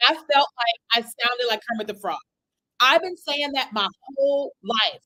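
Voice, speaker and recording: On a livestream, she gives content-creation coaching at a moderate pace, chatting animatedly, seeking audience replies, and peppering her talk with "right?" and "okay?". Her voice is on the high side, she's itchy from an allergy, and the computer webcam recording is low quality.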